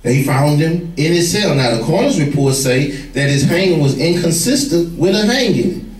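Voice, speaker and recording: A former gang leader telling street stories to young people, vivid and plain-spoken. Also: male voice, on the high side, animated, moderate pace. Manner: vivid storyteller, acts out quoted voices. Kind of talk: storytelling talk to a room. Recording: echoey room, far from the mic.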